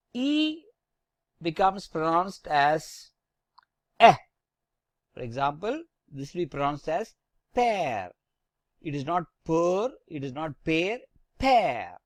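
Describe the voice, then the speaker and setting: A teacher giving a slow pronunciation lesson on the French alphabet and accents, saying letters one at a time with corrective tips. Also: medium pitch, no room sound, studio quality.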